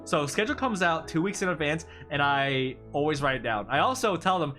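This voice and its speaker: A young man with a slightly high voice rambles in exasperation on a live stream, with plenty of fillers. His delivery is casual and heated. Faint music plays in the background. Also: expressive, brisk, hardly any pauses, sharp tone.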